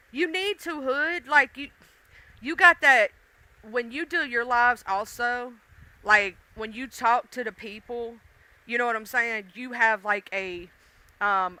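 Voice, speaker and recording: Woman livestream host, chatty and teasing, smooth voice. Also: medium pitch, sharp tone, rough recording. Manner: chatty, laughing, teasing viewers by name. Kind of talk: casual chat with live viewers.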